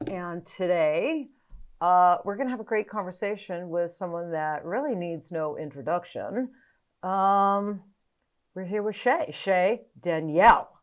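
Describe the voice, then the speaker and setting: A woman hosting a casual podcast conversation, effusive and quick to laugh. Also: on the low side. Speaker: podcast host.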